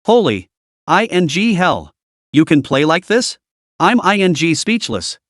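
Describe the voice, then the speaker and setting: A man voicing a crowd of mocking, excitable livestream commenters. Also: a little high, measured pace, no echo, studio quality. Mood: astonished. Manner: sneering, excitable. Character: jeering online livestream commenters, mocking and gleeful.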